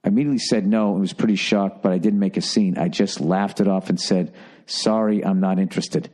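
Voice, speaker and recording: A man's voice: low-pitched, steady tone, fast talker, darkish tone, breathy edge. A man hosting a podcast, reading listener letters aloud and cutting in with blunt, profane, exasperated asides. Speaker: podcast host.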